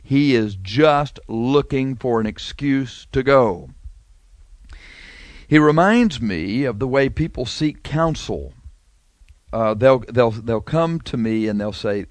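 A man's voice: mid-range voice, expressive, slow pace, dry recording. A man preaching a sermon in a conversational way, asking rhetorical questions and making wry asides.

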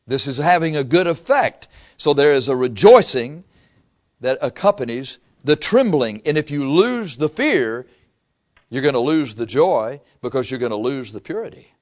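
Dramatic preacher swinging loud to hushed. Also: male voice, medium pitch, expressive, moderate pace. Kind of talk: sermon.

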